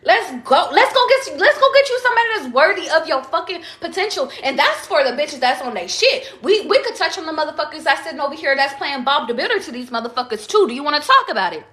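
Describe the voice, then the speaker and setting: A woman's voice: high-pitched, sing-song, fast talker, few pauses, fairly bright tone. A young woman giving a blunt, profane, fired-up rant as a tarot vlogger, preaching straight to her viewers. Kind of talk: ranting vlog monologue. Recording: echoey room.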